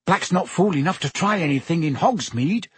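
Blunt, quick-tempered schoolboy read by a man, husky and dry. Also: a little high, expressive, no room sound. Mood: urging. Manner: indignant, blunt, quick to shout. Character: hot-tempered teenage schoolboy. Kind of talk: audiobook character voice.

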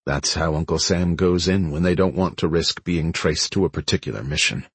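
A man narrating a thriller audiobook in a measured, suspenseful way. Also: sits low, breathy edge, dry recording. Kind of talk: scripted narration. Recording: dry close studio sound.

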